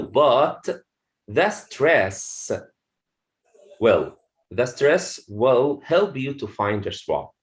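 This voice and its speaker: Slow-paced male English teacher. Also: medium pitch, low-quality recording. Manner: slow and repetitive, says words twice to model them; frequent "okay" fillers. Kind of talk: slide-based lesson.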